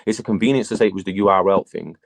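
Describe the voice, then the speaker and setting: A man, a battle rap guest talking casually in an interview, telling animated stories and swearing a lot. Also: low-pitched, very fast, vocal fry. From England. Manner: animated storytelling, heavy swearing.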